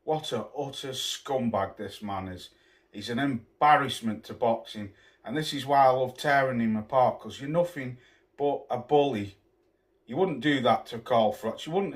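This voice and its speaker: A man ranting to camera as a boxing vlogger, scornful and full of swearing and name-calling. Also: medium pitch. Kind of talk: angry rant to camera.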